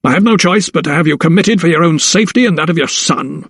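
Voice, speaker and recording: A man's voice: on the high side, fast, a bit bright, slightly rough, no echo, studio quality, voice pushed up. A man voicing a cold, domineering older lawyer who talks down to others with haughty condescension.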